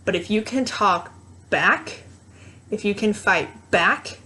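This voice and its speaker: A woman's voice: mid-range voice, slow, pushed and bright. A young woman coaching mothers in an earnest, encouraging motivational talk to camera.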